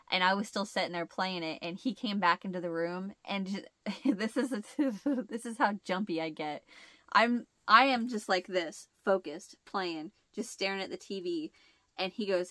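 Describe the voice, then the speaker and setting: A woman's voice: mid-range voice, pushed and bright, no echo. A woman hosting a casual chat, rambling and laughing often, with a stuffed-up nasal sound. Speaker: host.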